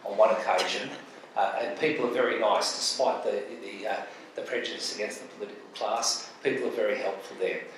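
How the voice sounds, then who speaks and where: A man's voice: on the low side, brisk. A man with an Australian accent speaking on a public panel, impassioned and emphatic, repeating phrases for force. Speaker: panelist, charity advocate. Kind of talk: public panel talk with storytelling. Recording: echoey hall from far off, faint noise.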